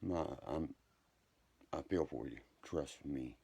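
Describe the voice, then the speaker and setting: Man, rough and low, who rants and then apologizes on a live stream. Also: slow pace. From West Virginia. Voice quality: deep gravelly voice. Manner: profane, agitated, swings between ranting and quiet apology. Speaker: social media live streamer. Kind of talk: rambling live-stream chat.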